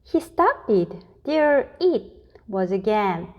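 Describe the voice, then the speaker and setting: Slow, expressive woman storyteller. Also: mid-range voice, lo-fi sound. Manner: slow, deliberate, expressive reading. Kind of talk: children's story read-aloud.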